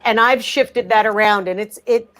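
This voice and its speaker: A woman's voice: mid-range voice, moderate pace, a bit bright. A woman who writes about sales, talking as an interview guest with a blunt, emphatic manner and frequent restarts. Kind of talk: conversational interview.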